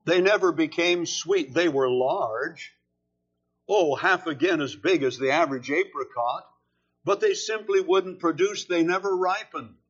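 A man preaching a sermon, slow and deliberate, leaning hard on key words. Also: on the high side, slightly rough, dull audio. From California.

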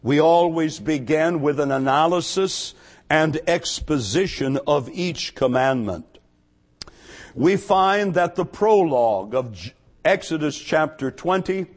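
A man preaching an expository sermon, teaching in a measured, deliberate way and stressing key words. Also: a little high.

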